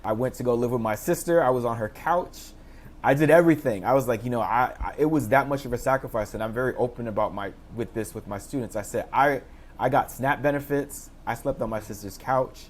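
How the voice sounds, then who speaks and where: A man in his thirties, a teacher and interview guest, telling his story in lively casual speech and acting out the people he quotes, heard over a video call. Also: fairly quick. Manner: animated, acts out quoted voices with pitch jumps.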